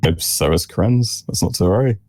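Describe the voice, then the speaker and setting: A man's voice: low-pitched, normal speed, a little mellow, soft background music. A man from the southeast of England with a Southern English accent, a player chatting casually and apologetically about the game. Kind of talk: casual chat between game sessions.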